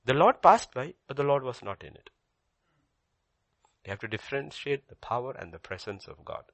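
An older man preaching a sermon as pastor, swinging between loud emphasis and soft near-whispers and repeating key phrases. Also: medium pitch, big pitch swings, moderate pace, creaky, no room sound.

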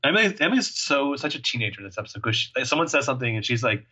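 A man's voice: medium pitch, very animated, racing, sharp tone, husky. A man co-hosting a podcast in casual chat, joking and rambling with plenty of fillers. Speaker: podcast co-host.

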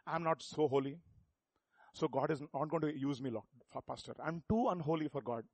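A man's voice: fairly high pitch, fairly quick, a little mellow, no echo. A man voicing a fawning, falsely humble male churchgoer who pleads meekly. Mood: meek pleading. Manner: meek, pleading, self-abasing.

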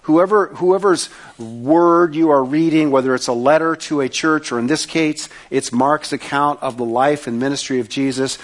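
Conversational man preaching, slightly high voice. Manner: conversational, joking asides, repeats words. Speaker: pastor. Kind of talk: sermon.

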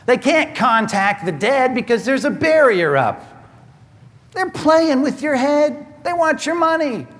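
A male pastor preaching a sermon in an animated, wry way, swinging between loud and hushed. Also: very high voice, unhurried. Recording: echoey hall.

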